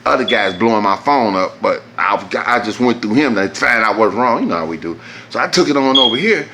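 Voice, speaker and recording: A man, telling a profane, animated story that jumps high when he gets exasperated. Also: fairly quick, slight background noise. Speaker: vlogger. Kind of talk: casual storytelling.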